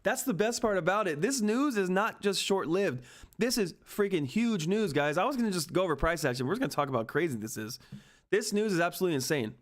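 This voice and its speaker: A man hosting a live stock market stream, talking excitedly and emphatically to his chat from home, repeating himself for emphasis. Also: sits high, fast talker. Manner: hyped, repetitive, emphatic, swears mildly. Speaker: stock market livestream host.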